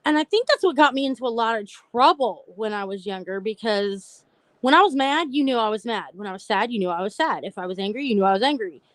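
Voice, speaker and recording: She talks quickly in a fairly high, expressive voice, recorded without any room sound. As host of a mental health live stream, she shares her story openly and chats directly with her audience.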